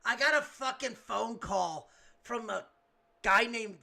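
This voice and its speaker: A man's voice: very high-pitched, slow, vocal fry, sharp tone. A man co-hosting a podcast, trading crude improvised comedy banter in a stammering, rambling, profane way. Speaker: podcast co-host.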